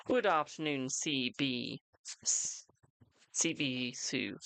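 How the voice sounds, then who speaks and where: A man's voice: mid-range voice, takes it slowly, creaky, sharp tone, clear, resonant tone. An English man hosting a live-streamed tarot reading, chatty and cheeky, calling viewers "my darling" and slipping into mock-ominous warnings.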